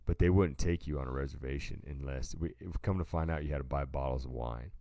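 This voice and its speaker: A man's voice: a bass voice, fast talker, warm tone, no echo, clean studio sound. A man co-hosting a podcast, casually telling a rambling story and calling his listener "dude" a lot. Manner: laid-back, rambling, says "dude" a lot. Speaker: podcast co-host.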